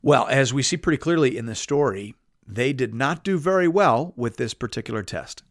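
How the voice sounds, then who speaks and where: A man preaching, reading a Bible passage aloud and stopping to explain it in a measured, teaching way. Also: mid-range voice, animated, no room sound, studio quality. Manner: measured, explanatory, reads scripture aloud with emphasis.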